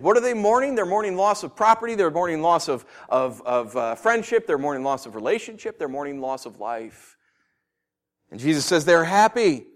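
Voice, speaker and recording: Male preacher, high, very expressive pitch; dramatic sermon delivery with rhetorical questions. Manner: animated, rhetorical questions, swings from quiet to loud.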